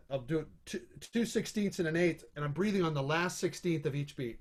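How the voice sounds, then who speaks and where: A middle-aged man teaches trombone over a video call in a relaxed, thinking-aloud way. His slightly high voice keeps breaking into sung "da da" rhythms between explanations. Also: fast, few pauses. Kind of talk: online music lesson.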